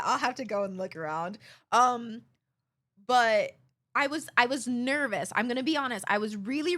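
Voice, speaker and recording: A young woman streamer chatting casually, telling an animated story, quoting others and laughing often. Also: medium pitch.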